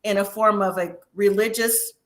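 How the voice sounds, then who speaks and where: A woman's voice: mid-range voice, fairly even intonation, moderate pace. A woman hosting a casual live review chat, opinionated and chatty, laughing often. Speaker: host.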